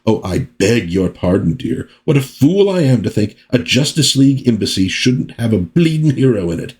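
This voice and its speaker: A man's voice: mid-range voice, big pitch swings, moderate pace, a little mellow, voice pushed up, natural voice. A man doing a sarcastic grumbling husband. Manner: sarcastic and exasperated. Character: sarcastic, grumbling middle-aged husband, bossy.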